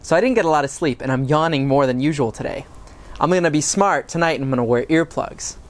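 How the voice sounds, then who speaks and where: A man's voice: on the high side, quick pace. A man hosting an educational science video for children, talking outdoors by some trees and putting questions to the viewer. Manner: animated, asks the viewer questions. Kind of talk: educational video lesson for kids.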